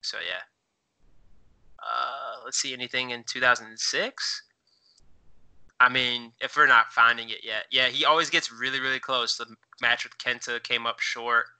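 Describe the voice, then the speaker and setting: A man's voice: medium pitch, steady tone, a little slow, sharp tone, clean tone, rough recording. A man co-hosting a podcast in casual chat, rambling with many fillers as he looks things up while talking. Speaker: podcast co-host.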